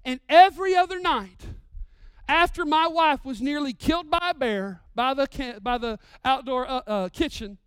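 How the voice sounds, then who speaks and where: A man in his thirties preaching a sermon as a pastor, swinging between loud, drawn-out lines and hushed, intimate storytelling. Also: extremely high pitch, no echo, studio quality.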